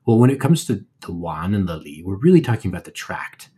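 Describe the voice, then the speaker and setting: A man co-hosting a podcast, explaining things in a relaxed, casual way with playful asides. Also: sits low, a little fast, slightly rough. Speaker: podcast co-host. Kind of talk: casual educational chat.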